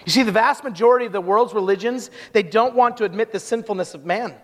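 Emphatic male preacher with a very high voice, telling stories; church sanctuary with long reverb. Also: fast talker. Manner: emphatic, rhetorical questions, vivid anecdotes. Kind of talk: sermon.

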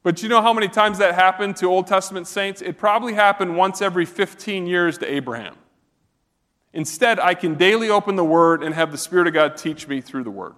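A man's voice: on the high side, a bit bright. A man preaching a sermon as a pastor, earnest and conversational, asking his listeners direct questions. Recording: long reverb of a hall.

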